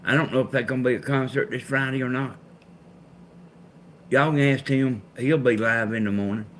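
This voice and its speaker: A Southern man from Georgia with a country drawl, chatting with his viewers on a live stream. His voice sits at an ordinary middle pitch, plainspoken and laid-back, with a faint hiss behind him. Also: moderate pace. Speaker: co-host of a live chat stream. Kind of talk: casual chat with viewers.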